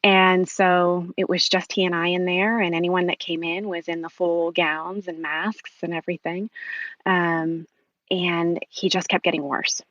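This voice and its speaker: A woman guest on a podcast, telling an emotional personal story with many pauses and ums. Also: on the low side, level tone, fairly bright tone, no echo, highs cut off.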